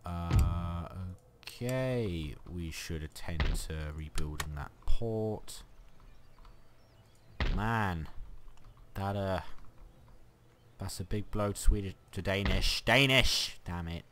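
A man's voice: sits low, slow pace, pauses often, background noise. A man giving chatty, sarcastic running commentary on a strategy game he is playing. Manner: chatty, sarcastic, mock-exasperated. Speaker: let's play host.

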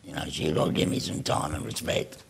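Very gravelly, deep man telling a wry story. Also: little pitch movement, quick pace, a little hiss or hum. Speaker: panel speaker. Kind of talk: casual panel discussion.

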